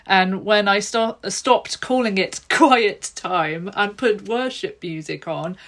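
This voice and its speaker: A woman, an author and illustrator speaking as a guest in a podcast interview, chatty and quick to laugh. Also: lowish voice, fairly bright tone.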